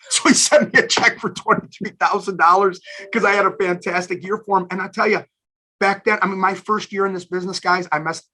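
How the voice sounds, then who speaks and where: Middle-aged guy swapping career stories, bright forceful voice a bit on the high side, chatty and animated. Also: a little fast. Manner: animated, chatty storyteller who addresses listeners as guys. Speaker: station general manager, alumni guest. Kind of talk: casual storytelling interview.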